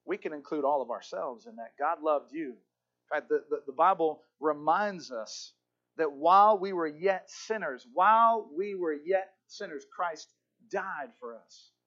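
Guy preaching, pretty high voice, repeats lines for punch, muffled lo-fi sound. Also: a little slow, a bit bright. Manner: emphatic, repetitive, stammers on restarts. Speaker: pastor. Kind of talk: sermon. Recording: dull lo-fi recording.

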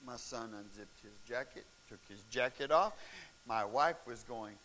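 A middle-aged male pastor telling stories in a sermon, animated and breaking into shouts and laughs at the peaks of a story. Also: medium pitch, normal speed. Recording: faint hiss.

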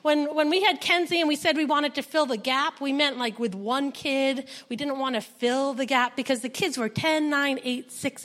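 A woman sharing a personal testimony with a church congregation, telling her story in an animated way and acting out the dialogue, close to tears. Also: sits high, big-room sound. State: emotional, near tears. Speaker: foster mother sharing a testimony. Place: church service.

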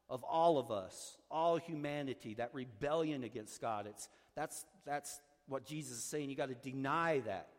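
Male pastor, mid-pitched voice, emphatic sermon delivery that drops to hushed tones, long church reverb. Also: normal speed. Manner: emphatic preaching, swinging between loud urging and hushed low lines.

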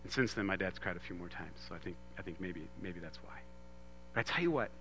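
A man in his thirties giving an earnest sermon, moving from loud emphasis to hushed storytelling. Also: low voice, lively intonation, fast talker, in a large hall, slight background noise. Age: 30s. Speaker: pastor.

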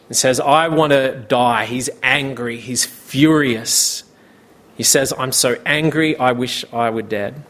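A man delivering a sermon at an unhurried pace, his voice sitting at an ordinary pitch. He preaches in a measured way and slips into relaxed, conversational asides. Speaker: pastor.

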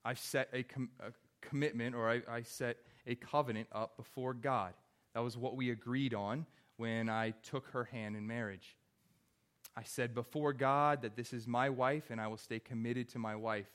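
A young man preaching a sermon, earnest and conversational, dropping wry asides between points. His voice sits at an ordinary middle pitch for a man. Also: fairly bright tone. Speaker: pastor.

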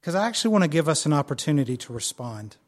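A man preaching a sermon, telling a personal story in a conversational way with fillers, then slowing and softening into prayer. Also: fairly high pitch, big pitch swings. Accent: not local to the church's area. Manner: softer and slower when praying. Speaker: pastor.

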